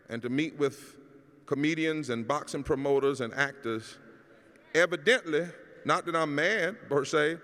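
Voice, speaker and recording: A middle-aged man, a pastor giving a keynote address, preaching in a rousing cadence that climbs to shouts. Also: mid-range voice. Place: large hall at a public celebration. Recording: long hall reverb.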